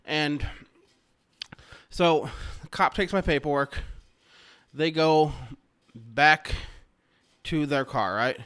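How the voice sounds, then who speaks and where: A man casually telling a rambling personal story, swearing freely and mocking himself, and getting loud and excited as it builds. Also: on the high side, slow, pauses often, clear, resonant tone.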